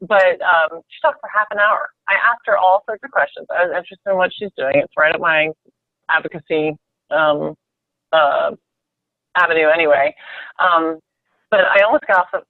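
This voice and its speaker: A woman's voice: fairly low pitch, normal speed, no echo. A woman leading a team conference call, telling a story in a chatty way, with many restarts and fillers. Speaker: sales team leader. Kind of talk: conference call pep talk. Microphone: phone. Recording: tinny dry phone line.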